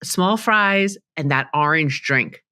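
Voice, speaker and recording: A middle-aged woman, a guest on a talk show, telling stories in a chatty, animated way. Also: low voice, takes it slowly, smooth, dry recording, clean studio sound. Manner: chatty, animated storytelling, laughs easily. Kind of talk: casual interview chat.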